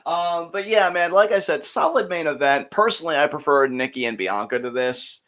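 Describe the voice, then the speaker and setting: A man co-hosting a show in relaxed casual chat, often pausing with ums. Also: on the high side. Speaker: podcast co-host.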